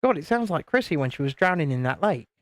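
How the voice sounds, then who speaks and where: A man's voice: fairly high pitch, very animated, fast talker, dry recording, studio quality. A man from the United Kingdom hosting a casual live stream, joking and reading out viewer comments while building. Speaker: YouTube channel host.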